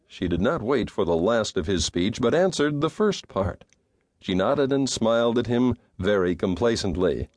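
Expressive male audiobook narrator. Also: lowish voice, dry recording, clean studio sound. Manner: measured, expressive storytelling. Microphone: studio microphone.

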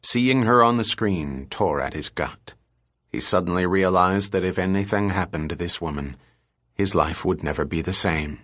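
A man narrating an audiobook thriller in a steady, measured storytelling manner. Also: low voice, dry recording, studio quality.

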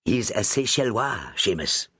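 A man's voice: lowish voice, very animated, unhurried, sharp tone, breathy edge, dry recording, clean studio sound, full character voice. A man voicing a small fussy agent. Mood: courteous. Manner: polite, anxious, precise. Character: small fussy Indian shipping agent, middle-aged. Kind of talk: audiobook character voice.

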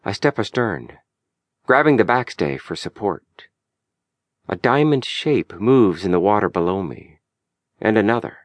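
Low-voiced man narrating a memoir. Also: animated, dry recording. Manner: measured, lyrical, deliberate delivery. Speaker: audiobook narrator. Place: recording studio. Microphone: close studio mic.

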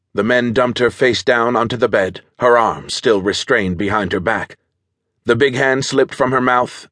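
A man narrating a thriller audiobook in a measured, steady storytelling manner on a close studio mic. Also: medium pitch, no echo.

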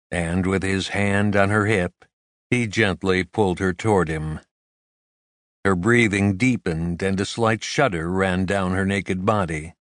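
Low-voiced man narrating an audiobook. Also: no room sound, clean studio sound. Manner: measured, steady storytelling. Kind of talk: scripted narration. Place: recording studio. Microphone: close studio mic.

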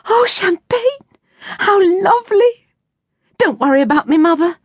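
Woman playing a giddy seventeen-year-old girl, high bright voice, audiobook, dry close sound. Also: sing-song, moderate pace, no room sound. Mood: excited. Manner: eager, gushing. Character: excited young girl of seventeen.

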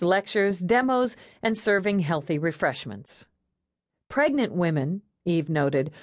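A woman narrating an audiobook in a wry, expressive storytelling manner. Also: mid-range voice, no echo, clean studio sound. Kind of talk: scripted narration.

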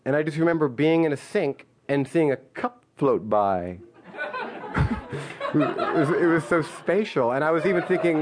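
A man's voice: on the high side, lively intonation, normal speed, crowd noise, noisy background. A man in his fifties holds the stage with a loose, rambling comic story. He restarts his sentences, leans on "like" and pokes fun at himself in a playful, easygoing way. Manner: rambling, stop-start and full of "like"; playful, self-mocking. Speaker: comedian. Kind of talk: live storytelling stand-up.

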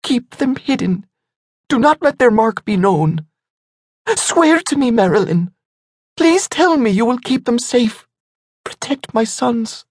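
A man's voice: high voice, very animated, normal speed, darkish tone, slightly rough, no room sound, clean studio sound, voice pushed up, full character voice. A man voicing a grieving young mother who must give up her baby sons, speaking in a choked, pleading, tearful way. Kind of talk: audiobook character voice.

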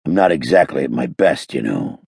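A sarcastic, hungover police lieutenant with a gravelly, husky growl and a very deep voice that swings around in pitch, as an audiobook narrator puts him on. He sneers and grumbles every line, sour and short-tempered, in a dry, close studio sound. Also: big pitch swings, moderate pace, darkish tone, dry recording, heavily acted. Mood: gruff.

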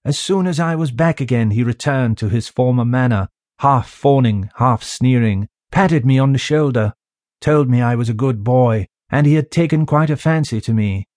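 A man's voice: medium pitch, normal speed, darkish tone, no room sound. Man narrating an audiobook, dry and close. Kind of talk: scripted narration of a classic novel. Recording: dry close studio sound.

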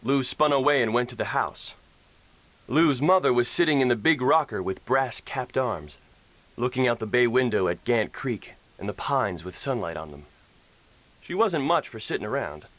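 A man narrating a western audiobook in an expressive storytelling manner, recorded on a close studio mic. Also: medium pitch, moderate pace, dry recording, low-quality recording. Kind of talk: scripted narration.

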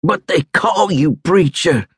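A man's voice: mid-range voice, lively intonation, moderate pace, creaky, fairly bright tone, husky, no room sound, studio quality, pitched above the performer's own voice, full character voice. A man voicing a badly wounded young soldier who pleads in pain, panicky and gasping. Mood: pleading.

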